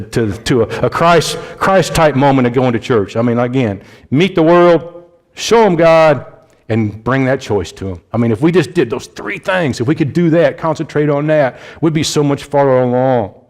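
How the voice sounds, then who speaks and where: A man's voice: mid-range voice, a little mellow. A man with an Indianapolis accent preaching a conversational sermon, with frequent restarts and asides. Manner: conversational, rambling, frequent restarts and "you know". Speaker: lay preacher.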